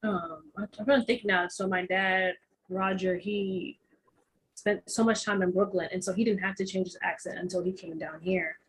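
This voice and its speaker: A young adult woman from Texas co-hosting a podcast in casual chat, telling stories in an animated way and acting out quoted voices. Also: medium pitch, moderate pace, breathy edge, low-quality recording. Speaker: podcast co-host.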